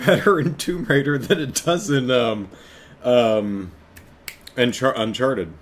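Rambling man laughing as he talks. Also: lowish voice. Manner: rambling, laughs often, restarts and corrects himself. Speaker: podcast host. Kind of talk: casual chat on a live stream.

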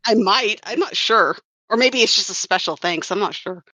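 A woman's voice: mid-range voice, expressive, normal speed, sharp tone, no room sound. A woman who worked as a comics writer and colorist, chatting casually on a podcast and rambling with wry self-corrections.

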